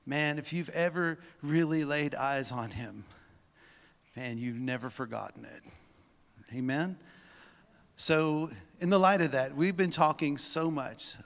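A man preaching a sermon in a church, moving between soft asides and loud emphasis. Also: on the high side, a little slow, creaky, in a large hall.

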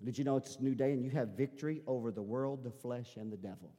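A male pastor preaching a sermon, repeating his phrases and building up to shouting. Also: medium pitch, fast, in a large hall. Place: church sanctuary.

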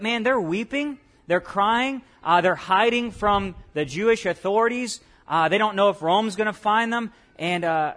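A man's voice: high-pitched, a bit bright. A male pastor preaching a conversational sermon, often repeating himself and putting questions to the congregation.

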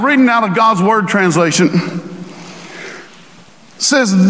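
A man preaching a sermon as pastor, swinging between emphatic shouts and slow, drawn-out lines. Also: high-pitched. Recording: long hall reverb.

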